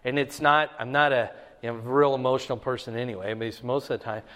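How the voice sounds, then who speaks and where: A pastor preaching a sermon, reading Scripture loudly and dropping his voice low for asides. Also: steady tone, quick pace, in a large hall.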